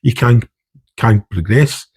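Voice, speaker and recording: Husky Scottish man, low and dark. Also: takes it slowly. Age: middle-aged. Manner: rambling, with many restarts and "you know". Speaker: army veteran guest. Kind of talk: candid podcast conversation.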